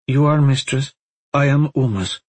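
A man voicing a timid, deferential servant mother in an audiobook, quiet and submissive. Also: mid-range voice, measured pace, husky, no room sound, voice pushed up.

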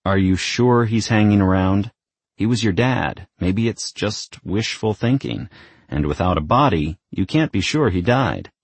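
A man's voice: on the low side, lively intonation, measured pace, husky, no echo, exaggerated voice. A man playing a blunt, sardonic young man. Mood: skeptical. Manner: blunt, casual and profane.

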